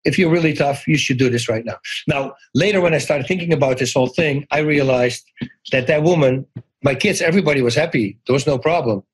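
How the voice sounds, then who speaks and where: A middle-aged man from the Netherlands with a Dutch accent, telling stories as an interview guest, animated, acting out quoted lines and often restarting his sentences. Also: on the high side, brisk, breathy edge, low-quality recording. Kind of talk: casual interview storytelling.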